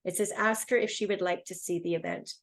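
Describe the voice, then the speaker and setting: A woman with a Canadian accent teaching a test-prep webinar, speaking with lively, rising and falling intonation. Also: lowish voice, a little fast. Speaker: English test instructor.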